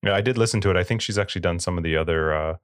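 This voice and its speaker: A Canadian man co-hosting a casual gaming podcast, steady and dryly teasing, keeping the talk on track. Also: low voice, rapid-fire, no room sound. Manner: steady, keeps the show on track, dry teasing. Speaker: podcast co-host.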